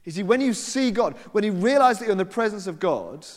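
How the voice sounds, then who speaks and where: A man preaches a sermon in a church, his fairly high voice rising and falling with lively, animated pitch. He talks casually through the stories, quoting people in his own voice. A long reverb trails off each phrase. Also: a little fast. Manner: conversational storytelling with quoted voices and asides.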